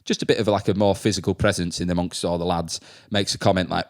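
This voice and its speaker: Man, young adult, low pitch, casual anecdotes, frequent laughter. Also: level tone, fast talker. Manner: laughs often, acts out kids' voices. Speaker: podcast host and school staff member. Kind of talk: casual chat, telling anecdotes.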